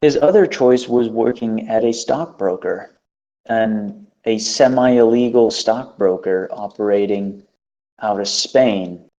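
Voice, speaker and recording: A man's voice: fairly low pitch, slow, warm tone. A man hosting a casual chat, telling an exasperated, profane story. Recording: dull lo-fi recording.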